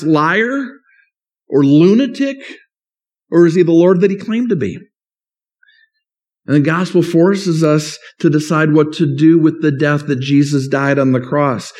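Male pastor, mid-high voice, conversational sermon delivery with quoted asides. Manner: conversational preaching with rhetorical questions and acted-out quotes.

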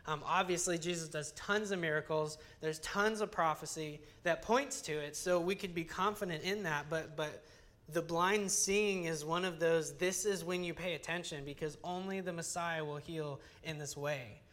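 An earnest young adult teaching scripture in a relaxed, conversational sermon. The voice sits mid-pitch and comes across chatty, often circling back with restarts and casual fillers as the points build. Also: moderate pace. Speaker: Bible teacher.

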